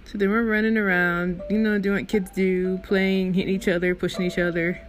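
A woman's voice: medium pitch, fairly quick, soft background music. A woman hosting her own show, telling a personal story in a casual, rambling way. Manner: chatty, rambling, animated in recounting. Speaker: storyteller host.

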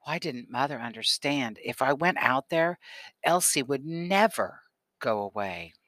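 A man narrating a first-person children's novel as an audiobook, in a calm storytelling manner. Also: medium pitch, measured pace, no room sound. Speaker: audiobook reader.

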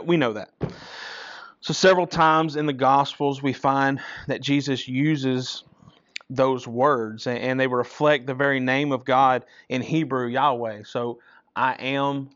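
A man's voice: medium pitch, fairly even intonation, slow, clear, resonant tone. A man leading a Bible study in a conversational teaching style, often checking in with listeners by asking "right?" after his points. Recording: dull lo-fi recording.

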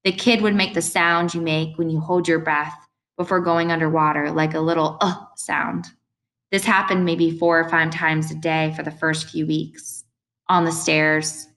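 A woman reads an audiobook aloud in a measured, gentle way. Her voice sits a little low and moves at a steady storytelling pace. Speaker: audiobook narrator. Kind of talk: scripted narration.

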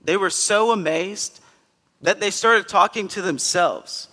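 A male pastor giving a conversational sermon in a church, earnest and emphatic, with sudden loud bursts. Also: high-pitched, a little slow, in a large hall. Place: church sanctuary.

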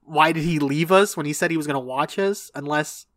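A man's voice: a little high, a little fast, a bit bright, no room sound. A young man telling a long story in casual podcast chat, rambling and swearing, often laughing. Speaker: podcast co-host.

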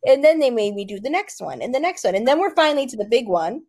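A young woman hosting a podcast, telling a travel story in an animated, laughing way. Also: a little high, quick pace. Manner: animated, laughing, dramatic retelling. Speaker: podcast host. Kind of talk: casual storytelling chat.

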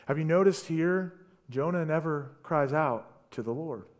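Pastor, male, expressive bouncy pitch, animated sermon storyteller. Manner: animated storytelling, stammering repeats.

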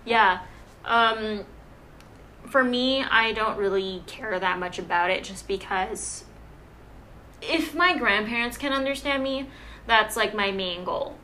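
A young woman from Hawaii in casual chat, an animated, self-deprecating storyteller who fills her talk with "um" and "like". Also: a little high, slow pace, a little hiss or hum.

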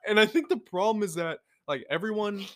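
A young man co-hosting a podcast in casual chat, animated and critical, swearing freely. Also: sits high, fairly quick. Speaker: podcast co-host.

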